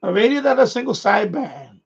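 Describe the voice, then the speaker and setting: A man's voice: sits high, sing-song, fairly quick, husky, dull audio. A man hosting a radio hobby live stream, chatting casually in a rambling way, repeating himself and chuckling often.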